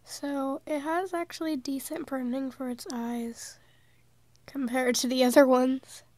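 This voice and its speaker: A woman's voice: high-pitched, steady tone, a little slow, darkish tone, dry recording. A teenage girl with a congested, sick voice, casually chatting through a toy unboxing vlog. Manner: chatty, giggly, amused. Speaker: vlogger.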